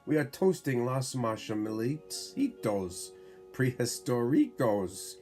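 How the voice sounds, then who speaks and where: A man's voice: medium pitch, big pitch swings, slow pace, darkish tone, faint music behind, pitched above the performer's own voice. A man voicing a chummy pack of Chihuahuas. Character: gang of little Chihuahua friends.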